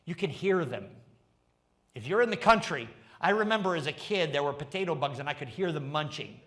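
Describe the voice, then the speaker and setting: A pastor preaching a sermon, animated and rising to fervent emphasis as he tells the story. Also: a little high, fairly quick. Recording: livestreamed sermon.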